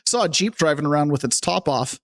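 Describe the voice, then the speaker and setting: A man with a fairly high voice hosts a casual political talk podcast, talking briskly. Animated, joking, and sarcastic, he greets viewers and reads their chat messages aloud.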